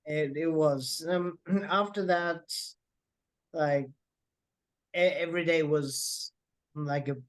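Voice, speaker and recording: A man answering interview questions very slowly, halting and clearing his throat between thoughts. His voice is a bit high for a man and sounds close and dry, with no room echo. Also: fairly even intonation. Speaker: patient's husband.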